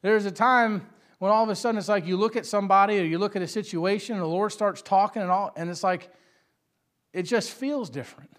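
A man preaching a sermon, casual and storytelling, who climbs to loud emphatic peaks and laughs often. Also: high voice, a little fast.

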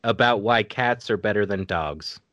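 A man hosting a casual podcast, running a party game with a relaxed, chuckling manner. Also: fairly low pitch, normal speed, no echo. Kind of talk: casual chat.

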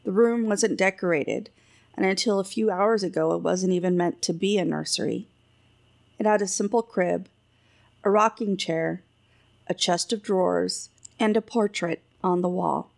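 Brief: woman narrator, measured audiobook reading, gravelly edge. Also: lowish voice, darkish tone. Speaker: author reading her own book.

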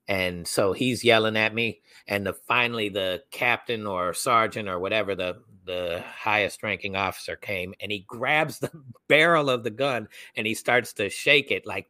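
A young adult man co-hosting a podcast, telling a personal story in casual chat and acting out the people he quotes in loud voices. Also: lowish voice, normal speed, no room sound. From United States. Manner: animated, acts out quoted voices loudly. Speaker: podcast co-host.

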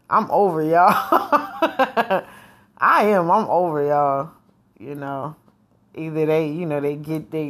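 A woman talking frankly to her viewers in a casual vlog, slangy and profane, rambling and laughing often. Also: lowish voice. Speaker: vlogger.

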